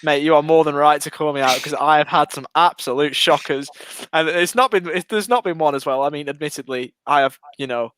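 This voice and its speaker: A man's voice: on the high side, fairly quick, fairly bright tone, slight background noise. A man co-hosting a casual football podcast, rambling and poking fun at himself. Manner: chatty, self-deprecating, rambling. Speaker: podcast co-host.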